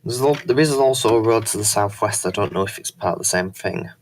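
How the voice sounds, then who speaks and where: Low-voiced man, short measured remarks. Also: slight background noise. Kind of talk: casual meeting discussion.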